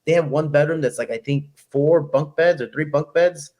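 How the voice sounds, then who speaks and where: A young man from Chicago, a fighter being interviewed, telling stories in an animated, quick, casual way and acting out what people said. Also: fairly high pitch. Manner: animated, quick, acts out quoted voices. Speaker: guest fighter.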